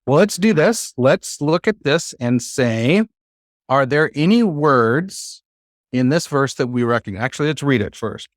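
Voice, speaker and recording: A man teaching a Hebrew class over a video call, patient and encouraging, slowing down to spell out sounds. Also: mid-range voice, expressive, no echo, clean studio sound.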